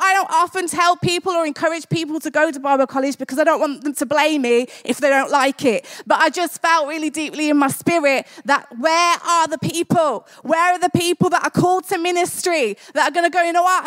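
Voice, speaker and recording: A woman's voice: sits high, fairly bright tone. A woman preaching a sermon in a church, conversational and jokey, building to fervent exclamations.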